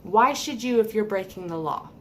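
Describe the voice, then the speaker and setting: A woman's voice: medium pitch, animated, normal speed, a little hiss or hum. A woman giving a heated, emphatic opinion rant to camera, repeating points for stress. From United States. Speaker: vlogger.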